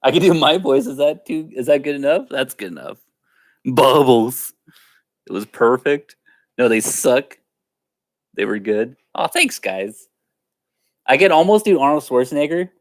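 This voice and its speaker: A man's voice: mid-range voice, big pitch swings, normal speed. Giggly man chatting on a live stream. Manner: giggly, keeps breaking into laughter; playful, chatty with viewers. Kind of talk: casual live-stream chat.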